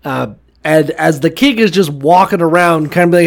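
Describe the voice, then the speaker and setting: A man's voice: on the high side, moderate pace, gravelly. A man from Ohio co-hosting a casual comedic chat, profane and laughing often as he acts out little voices. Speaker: podcast co-host.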